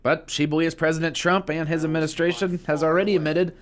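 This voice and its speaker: Local tv news guy reading his report, kinda high voice. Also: level tone, a crowd in the background. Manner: measured, formal delivery.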